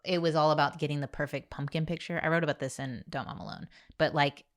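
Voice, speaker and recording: A woman hosting a podcast, telling a personal story in a lively, casual way and acting out the voices of people she quotes. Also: sits low, fast. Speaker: podcast host; mother of boys.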